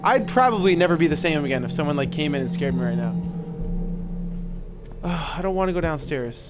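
A man's voice: on the high side, expressive, fairly quick, lo-fi sound, loud music behind the voice. Jumpy young man reacting to a horror game. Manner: jumpy, swearing, talks to viewers. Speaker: gaming video host. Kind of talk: scared let's-play commentary.

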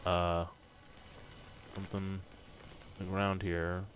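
A man's voice: sits low, monotone, takes it slowly, slight background noise. A man streaming a video game live, reacting and joking as he plays. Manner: reactive, jokey, exclaiming. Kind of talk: live gameplay commentary. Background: game music.

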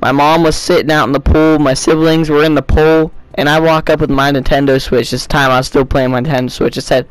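A young man giving casual, jokey commentary while playing a video game, breaking into excited yelps. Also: a little high, a little fast, few pauses, clean tone, dry recording, rough recording. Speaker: gaming video creator.

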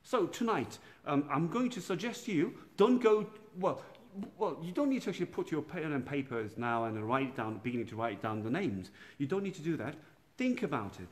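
A man, a priest, giving an informal night prayer talk in a gentle, halting way, with many pauses and restarts, recorded without a proper microphone. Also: a little high, big pitch swings. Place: dark church room by candlelight. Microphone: no external microphone, built-in device mic. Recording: poor sound quality without microphone.

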